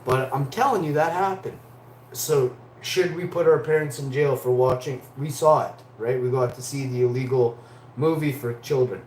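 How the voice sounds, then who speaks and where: A man's voice: a little high, a little mellow, echoey room, a little hiss or hum. A man in his forties from Canada, rambling profanely through stories as a livestream host. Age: 40s. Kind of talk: rambling casual monologue.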